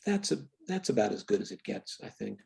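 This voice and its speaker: A man's voice: on the low side, big pitch swings, creaky, breathy edge. An older man, a film writer and director, telling candid stories in an interview with a reflective manner and frequent restarts. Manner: reflective, restarts often, quiet trailing pauses.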